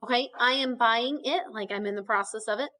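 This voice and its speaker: A woman's voice: on the high side, a little fast, pushed and bright. A woman teaching a Spanish grammar lesson in a recorded video, explaining patiently step by step and checking in with frequent okays.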